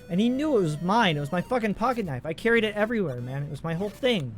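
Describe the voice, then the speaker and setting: A man's voice: high voice, sing-song, rapid-fire, few pauses, faint music behind. A man in his twenties giving casual, profane, rambling commentary while playing a video game. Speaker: let's play host.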